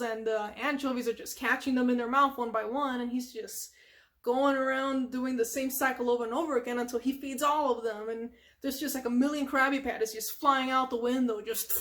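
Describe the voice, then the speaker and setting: A woman's voice: sits high, fairly even intonation, a little fast, a bit bright. A woman hosting an ASMR channel, casually retelling a cartoon from memory in a rambling way, with lots of filler words and sound effects.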